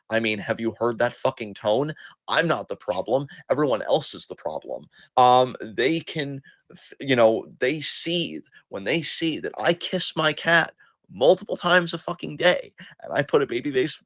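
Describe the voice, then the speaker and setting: A man's voice: mid-range voice, a bit bright, no room sound. A man co-hosting a podcast, delivering a heated, profanity-laced monologue that turns self-deprecating at times. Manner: impassioned, profane ranting. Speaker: podcast co-host.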